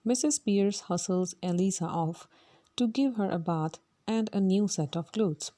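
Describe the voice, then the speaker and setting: A woman reading a play aloud for a class lesson, calling out each speaker's name and the stage directions as she goes. Her voice is mellow and warm, and the pitch sits in the middle of the range. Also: unhurried, no echo. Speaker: reader of a course-book play.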